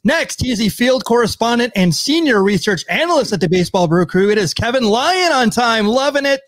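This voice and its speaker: A podcast host with an extremely high voice talks a little fast as he casually introduces his co-hosts, tripping over his words now and then with many fillers and restarts. The recording is studio quality, with no room sound at all.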